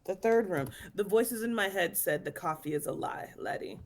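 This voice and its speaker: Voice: mid-range voice, normal speed, close to an everyday voice. Player putting on a adventurer, insistent, laddie-heavy, tabletop game. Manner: calls everyone laddie, earnest and insistent. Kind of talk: tabletop role-play, in character.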